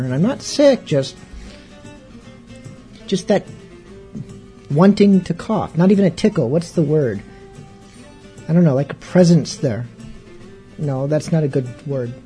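A man's voice: on the high side, normal speed, pauses often, warm tone, soft background music. A male radio show host chatting casually between songs, rambling and wry, often poking fun at himself. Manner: rambling, wry and self-mocking.

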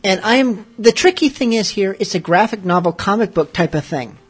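A man's voice: high voice, expressive, fairly quick, husky, soft background music. A man hosting a late-night show, chatting casually with rambling, joking asides. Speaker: radio show host.

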